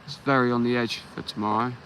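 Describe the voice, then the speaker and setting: An easygoing English man runs a live fishing stream from the shore, greeting each viewer by name. His voice is bright and forceful, and he speaks into a phone outdoors at night. A faint background hum sits under him. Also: medium pitch, steady tone, fast, rough recording. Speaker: fishing livestream host. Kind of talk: casual live chat while fishing.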